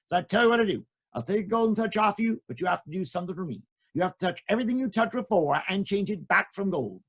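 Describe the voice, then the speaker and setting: A man telling folk tales to children in a playful, jokey, expressive way. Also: high-pitched, quick pace. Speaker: children's storyteller. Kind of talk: animated storytelling for children.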